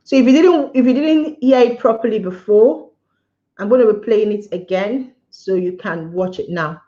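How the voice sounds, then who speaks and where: A woman's voice: fairly high pitch, moderate pace, mellow, dull audio. A woman hosting a casual livestream, giving an emphatic opinion, repeating her points and talking to viewers. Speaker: livestream host. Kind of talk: casual live-stream commentary.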